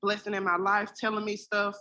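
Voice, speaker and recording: A woman from South Carolina with a bright, forceful voice at a middle pitch tells a chatty story to a live crowd. She speaks earnestly and acts out both sides of a conversation. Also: little pitch movement, brisk. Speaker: event attendee. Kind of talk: telling a story to a live audience.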